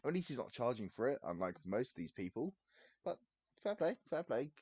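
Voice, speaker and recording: A man's voice: medium pitch, sing-song, brisk, a little mellow, slightly rough, no echo, highs cut off. A man, giving blunt, sarcastic commentary on a video, swearing and laughing often. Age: 20s. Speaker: reaction video host. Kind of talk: casual reaction commentary.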